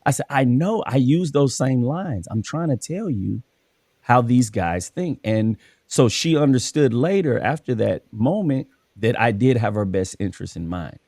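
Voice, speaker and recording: A man's voice: mid-range voice, lively intonation, moderate pace, darkish tone, dry recording, studio quality. A man hosting a casual conversation, telling stories from his work as a coach and acting out the dialogue. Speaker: podcast host and school coach.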